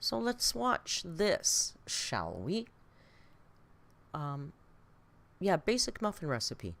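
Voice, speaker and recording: A woman's voice: on the low side, huge pitch swings, takes it slowly, vocal fry, a bit bright. A woman hosting a casual live reaction stream from home, chatty and laughing as she scolds her cat between remarks. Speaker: reaction channel host.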